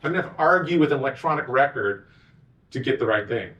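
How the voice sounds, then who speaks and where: A man, a physician executive, giving a conference talk with animated, sarcastic asides. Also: medium pitch, fast, recorded from a distance, lo-fi sound.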